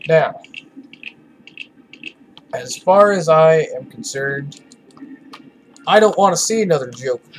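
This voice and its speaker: Tired guy rambling slow over a game, kinda high voice, swears a lot, opinionated. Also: expressive. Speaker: let's play gamer. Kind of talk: casual gameplay commentary.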